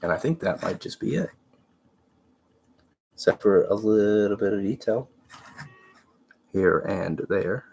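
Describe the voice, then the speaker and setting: Deep, gravelly congested man. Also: a little slow, pauses often, darkish tone, a little hiss or hum. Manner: rambling, trailing off and muttering while working. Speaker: livestream host. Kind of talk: casual commentary while painting miniatures.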